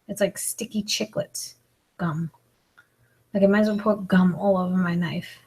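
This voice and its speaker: A woman's voice: medium pitch, steady tone, normal speed, a little mellow, slight background noise, rough recording. Chatty self-mocking woman in her forties. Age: 40s. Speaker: comedian and mukbang vlogger. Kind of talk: casual chat while eating.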